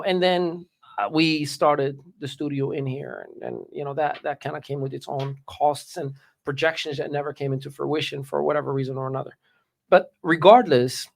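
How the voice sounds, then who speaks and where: A man in an interview tells a family story casually and candidly. His voice sits a little high for a man. He talks straight and often doubles up on words mid-sentence. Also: gravelly. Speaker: interview guest, caterer.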